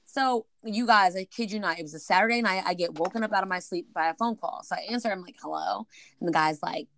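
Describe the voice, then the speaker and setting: A woman co-hosting a casual chat show, telling a story in an animated way, swearing casually and acting out what people said. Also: mid-range voice, fast talker. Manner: animated, swears casually, acts out quoted dialogue. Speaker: podcast co-host.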